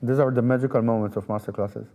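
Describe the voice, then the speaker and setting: A man's voice: medium pitch, steady tone, fast, mellow. A man, a festival artistic director and pianist, answering interview questions thoughtfully, with frequent fillers and repeated words.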